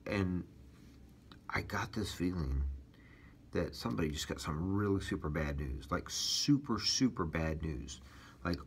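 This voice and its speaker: A man with a deep, low-pitched voice recounts his personal testimony in a loose, casual way. He drifts and restarts, filling gaps with ums and uhs the way a taxi driver tells a long story. A faint hiss of noise runs under the recording. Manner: rambling storytelling with many fillers and restarts.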